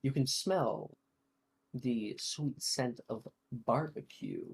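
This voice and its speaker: A game master narrating a tabletop role-playing game, halting and filled with ums, uhs and likes. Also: mid-range voice, huge pitch swings, vocal fry, low-quality recording.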